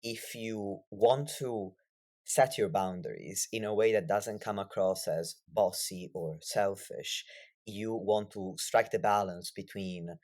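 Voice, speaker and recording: Slow deliberate low-voiced man. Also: darkish tone. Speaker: podcast host. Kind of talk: interview, summarizing the guest.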